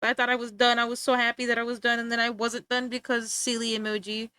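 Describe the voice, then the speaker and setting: A woman's voice: on the high side, completely flat delivery, quick pace, bright, forceful tone, clear, resonant tone, dry recording. A young woman streaming live, rambling and joking in casual chat with frequent laughter.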